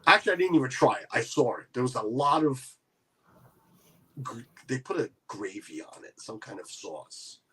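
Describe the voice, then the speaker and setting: A man's voice: mid-range voice, sing-song, normal speed, fairly bright tone, breathy edge. A man hosting a casual livestream chat, rambling with many restarts. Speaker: livestream host.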